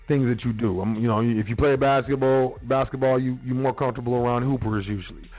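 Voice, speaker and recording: A man's voice: mid-range voice, steady tone, fairly quick. Guy on talk radio preaching at listeners, slangy and cussing, sounds like a phone call, faint music behind. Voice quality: profane, street slang, preachy. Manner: blunt, repetitive, lecturing. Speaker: radio talk show host. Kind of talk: casual solo radio talk.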